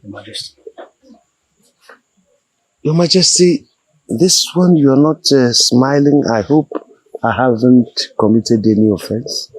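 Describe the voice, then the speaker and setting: An actor with a Nigerian accent playing a deferential, flattering in-law who keeps apologizing to a king. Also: medium pitch, takes it slowly, long pauses, breathy edge, dry recording, low-quality recording. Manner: deferential and flattering, chuckling nervously. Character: fawning, apologetic middle-aged in-law. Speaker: king's in-law.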